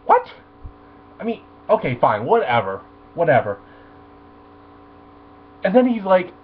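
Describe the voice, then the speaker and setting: A man's voice: fairly high pitch, sing-song, normal speed, long pauses. A man ranting animatedly and profanely through a review of a superhero film. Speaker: movie reviewer. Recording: tinny phone-like audio with faint mains hum.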